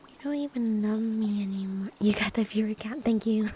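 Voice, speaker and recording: A woman ASMR streamer whispering softly in a playful, teasing way as she chats to her viewers. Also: mid-range voice, moderate pace, slight background noise. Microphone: binaural or USB mic.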